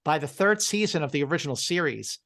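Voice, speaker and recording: A man's voice: fairly high pitch, expressive, a bit bright. A man appearing as a podcast guest, making his points emphatically in casual chat. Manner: emphatic, measured arguing.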